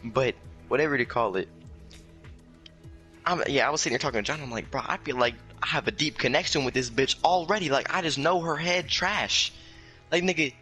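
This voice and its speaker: A young man telling a casual story time, animated and full of profane slang, jumping up high when he quotes himself. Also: a little fast, faint music behind. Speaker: storyteller guest.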